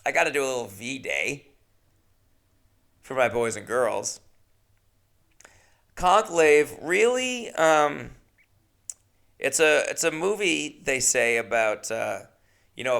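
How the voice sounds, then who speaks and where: Gravelly-voiced man rambling on a podcast. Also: mid-range voice, expressive, takes it slowly, long pauses, a bit bright. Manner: rambling, self-mocking, chatty asides. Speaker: podcast host. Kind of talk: casual solo podcast rambling.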